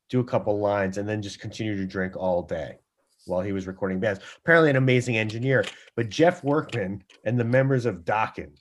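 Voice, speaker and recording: A male guest author on a talk show, telling a long anecdote in a rambling, lively way. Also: fairly low pitch, a little hiss or hum. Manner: rambling, lively storyteller who acts out quotes.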